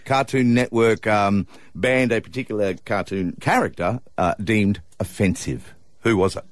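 A man's voice: fairly low pitch, normal speed, no room sound, studio quality. An Australian man co-hosting breakfast radio, joking and laughing as he chats with callers. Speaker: radio host.

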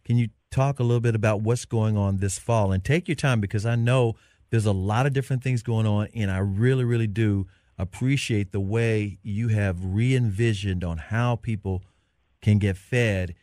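A man's voice: fairly low pitch, moderate pace, dark tone, no echo. Affirming male interview host, dry sound. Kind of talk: interviewing a guest.

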